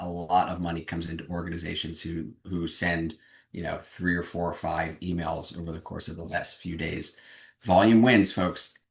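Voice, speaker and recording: Low-voiced man coaching a webinar. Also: echoey room. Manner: energetic, emphatic coaching tone. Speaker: fundraising consultant presenting. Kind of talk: webinar presentation. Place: video call.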